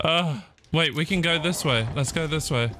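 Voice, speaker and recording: A man's voice: normal speed, pushed and bright, a little hiss or hum. Panicky young man narrating a horror game. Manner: panicky, exclamatory, jumps to shrill yelps when startled. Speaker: gaming streamer. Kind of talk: let's play commentary. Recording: game sounds and clicks behind the voice.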